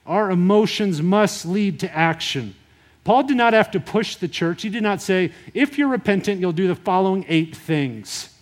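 A man preaching a sermon in a conversational, animated retelling style. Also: sits high. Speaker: pastor.

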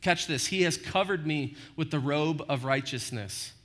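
A man's voice: fairly high pitch, normal speed, a bit bright. A man preaching a sermon as pastor, conversational, often checking in with "right?" and acting out short quotes. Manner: conversational, frequent "right?" tag questions.

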